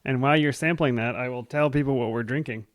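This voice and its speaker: A man's voice: mid-range voice, fast talker, slight background noise. Joking male podcast co-host. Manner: joking, playful, upbeat. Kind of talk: casual podcast chat.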